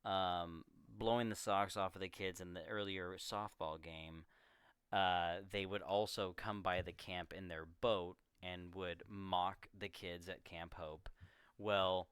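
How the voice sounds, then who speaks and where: A man with a fairly low, smooth, clear voice, co-hosting a podcast and recapping a film in relaxed casual chat. He tells the story with animated energy, often slipping into quick impressions of the characters. The sound is dry and close, with no room echo. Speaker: podcast co-host.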